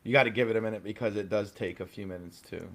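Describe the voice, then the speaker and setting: A man's voice: on the low side, rapid-fire. A man co-hosting a casual live podcast, playfully teasing his co-host and laughing a lot.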